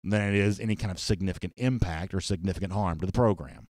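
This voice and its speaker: A low-pitched man with a darkish tone talks fast while hosting a live sports talk show. He chats casually and reads viewer comments, rambling with lots of restarts and fillers.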